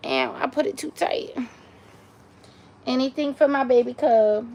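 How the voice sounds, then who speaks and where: A woman's voice: high voice, unhurried, gravelly, long pauses, a little mellow. A woman hosting a casual live stream from home on her phone, chatting with viewers and cooing baby talk to her dog. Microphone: phone camera.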